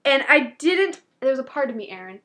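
Chatty woman hosting, high bright voice, acts out the movie as she tells it. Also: fairly quick. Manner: lively storyteller, acts out characters. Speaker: podcast co-host. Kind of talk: casual chat recapping a movie.

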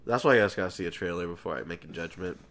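A man's voice: sits low, racing, a bit bright. A man co-hosting a casual podcast, laid-back, with lots of fillers and casual swearing. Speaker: podcast co-host. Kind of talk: casual chat.

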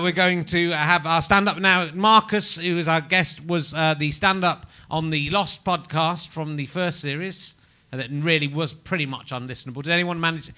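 Bright, joking man hosting. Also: a little high. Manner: provocative, joking, laughing. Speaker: podcast host. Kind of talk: live comedy podcast chat. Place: live show venue before an audience.

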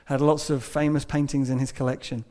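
A man preaching a sermon, telling a story and moving between hushed and emphatic delivery. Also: mid-range voice, level tone, brisk.

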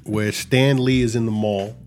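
A man's voice: on the low side, fairly even intonation, unhurried, darkish tone, soft background music. A young man co-hosting a podcast, dropping dry, teasing remarks in casual chat. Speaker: podcast co-host.

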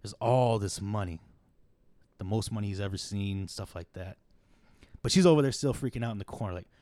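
A man's voice: on the low side, a little fast, warm tone, no echo. A man hosting a podcast, retelling a story in a casual, rambling way, swearing freely and acting out the quotes. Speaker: podcast host.

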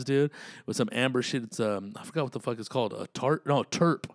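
A man's voice: medium pitch, steady tone, a little fast, dry recording, studio quality. A man hosting a podcast, rambling casually and swearing a lot while laughing at his own jokes. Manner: profane, rambling, laughs often, slips into voices. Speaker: comedian podcast host.

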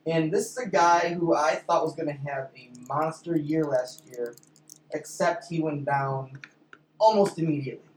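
A man co-hosting a sports podcast, speaking in a measured way with dry teasing. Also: on the high side, crowd noise. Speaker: podcast co-host. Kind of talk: casual sports chat. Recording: roomy with faint noise.

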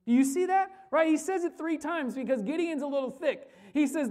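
A woman's voice: sits high, brisk, hardly any pauses, mellow. Emphatic woman preacher repeating key phrases. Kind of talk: sermon.

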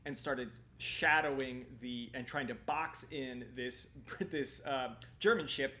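A man tells a war history story in loose podcast chat, stopping and restarting often and filling gaps with ums. His voice sits at an ordinary middle pitch. A faint noise hums under the recording. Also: slow pace. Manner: rambling, many fillers and restarts, animated retelling.

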